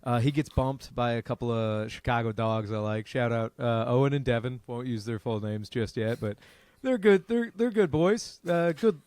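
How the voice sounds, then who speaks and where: A man, a comedian and podcast co-host, telling a profane story in lively casual chat. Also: mid-range voice, moderate pace, dry recording. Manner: animated, profane, acts out other people's lines.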